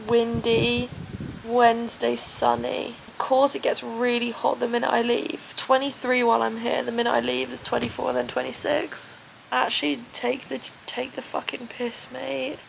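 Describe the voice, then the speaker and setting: A woman's voice: fairly high pitch, vocal fry, slight background noise. A young woman vlogging casually on holiday, self-mocking and swearing freely, sometimes dropping to a near-whisper. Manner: often drops to a soft near-whisper. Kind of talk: casual vlog chat to camera. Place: holiday terrace outdoors in a breeze.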